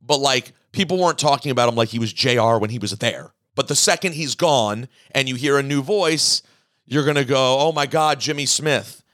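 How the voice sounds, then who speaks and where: A man's voice: mid-range voice, a little fast, no echo. Dry-sounding man hosting a podcast. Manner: animated, reads listener emails aloud. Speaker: podcast host. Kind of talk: casual chat, reading mailbag.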